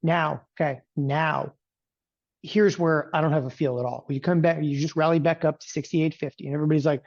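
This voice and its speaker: A man's voice: fairly high pitch, fairly even intonation, a little fast, gravelly, dull audio. A middle-aged man giving a live market lesson, talking casually with jokey asides, tossing in "okay" and mock quotes. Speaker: trading educator.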